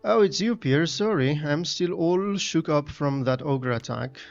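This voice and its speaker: A man's voice: fairly high pitch, animated, measured pace, creaky, lo-fi sound, soft background music. A man reading the part of a nervous, guilt-ridden male blacksmith in a fantasy game, anxious and apologetic. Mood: fretful.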